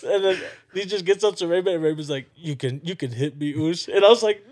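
A young man in casual podcast chat, telling a story in an excitable way and laughing through it. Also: a little high, quick pace, hardly any pauses.

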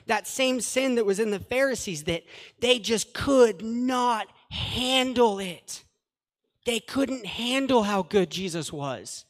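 Speaking slowly in a very high-pitched, expressive voice, a man preaches from scripture, earnest and conversational, with plain restatements and asides along the way. A long reverb from the hall surrounds his words.

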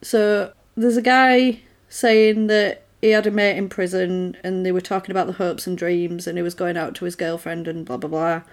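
A woman's voice: fairly low pitch, level tone, normal speed, few pauses. A woman recapping a TV episode in casual chat, laughing often and acting out the characters' lines.

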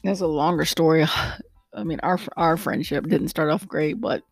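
A woman vlogger chatting casually to her viewers in a rambling, animated way about her pet peeves. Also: deep voice, moderate pace, no echo, faint music behind. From lives in Texas. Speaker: vlogger and rideshare driver. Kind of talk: casual chat to camera.

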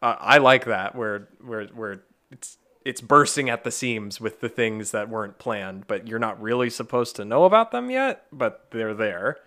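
A man's voice: mid-range voice, expressive, normal speed, pushed and bright. A man co-hosting a podcast, brainstorming eagerly in casual chat, with lots of filler words. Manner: enthusiastic, full of filler words. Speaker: podcast co-host.

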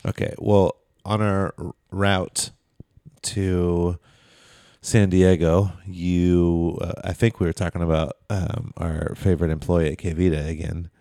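A man with a very low, gravelly voice chats on a podcast. He rambles through his stories, full of "like" and restarts. The sound is dry and close to the mic. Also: level tone, a little slow, mellow, no echo. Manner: rambling, filler-heavy storytelling. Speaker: podcast co-host. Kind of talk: casual chat.

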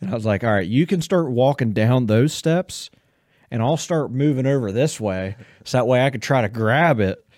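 A young man with a middle-pitched voice co-hosts a podcast in a playful, joking tone. The sound is dry and close, with no room around it. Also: animated, normal speed, darkish tone, no room sound. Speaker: podcast co-host. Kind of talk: casual chat.

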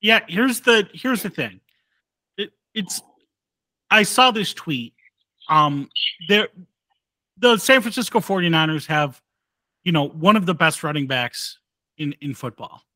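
A man's voice: a little high, animated, a little slow, pauses often, sharp tone, dry recording. A man co-hosting a casual sports podcast who tells jokey bits and curses now and then. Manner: joking, storytelling, swears. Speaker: podcast co-host.

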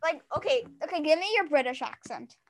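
A young woman hosting a casual podcast chat, excitable and giggly. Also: high-pitched, brisk, background noise. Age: young adult. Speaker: podcast host.

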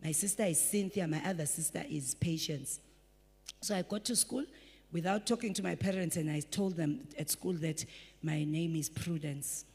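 Breathy woman preaching in a hall. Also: low voice, moderate pace. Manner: animated preaching, acting out quoted voices. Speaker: pastor. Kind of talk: sermon. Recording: breathy voice in a large reverberant hall.

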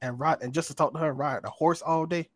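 A man, joining a casual chat and weighing both sides in a measured way. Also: on the high side, fairly even intonation, no room sound.

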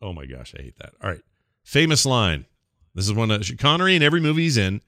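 A man hosting a podcast, joking sarcastically about film clips and slipping into quick impressions. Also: fairly low pitch, wildly swooping pitch, pushed and bright, no echo, studio quality. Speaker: podcast host.

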